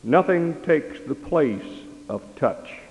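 Slow, deliberate preacher in chapel reverb. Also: male voice, on the high side, animated, darkish tone. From Texas. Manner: slow, deliberate, measured delivery. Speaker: chaplain and worship leader. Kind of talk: sermon.

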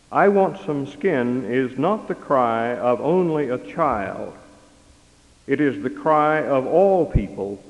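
A man, preaching a sermon as worship leader in a slow, measured way. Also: mid-range voice, highs cut off. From Texas. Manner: slow, deliberate, measured delivery. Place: chapel with long reverb. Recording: long chapel reverb.

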